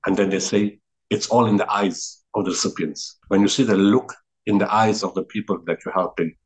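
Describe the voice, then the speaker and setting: On a low-quality recording, a middle-aged South African man talks a little fast in a lowish, fairly even voice. He's an interview guest and relief organization founder sharing reflective stories, and he sounds earnest, restarting often and repeating words for emphasis.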